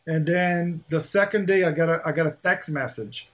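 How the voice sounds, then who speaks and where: Man with a lively, storytelling delivery. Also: a little high, normal speed. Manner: animated storytelling, acts out quoted exchanges; swears casually, repeats words when excited. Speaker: podcast host. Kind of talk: casual chat.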